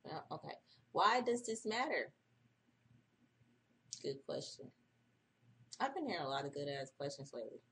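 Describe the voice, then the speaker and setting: A woman's voice: low-pitched, sing-song, normal speed, long pauses, fairly bright tone. A woman hosting a casual early-morning livestream, profane and chatty, reading an article aloud and breaking off for her own asides. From United States. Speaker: livestream host.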